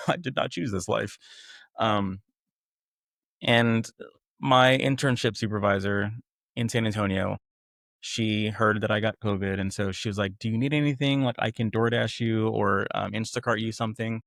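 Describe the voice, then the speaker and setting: A young man with a fairly low voice talks candidly about a difficult chapter of his life. He tells it in a casual, conversational way and slips into the voices of the people he quotes. The sound is close and dry. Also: steady tone, moderate pace, gravelly, fairly bright tone, no echo. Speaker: guest. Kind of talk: candid personal storytelling.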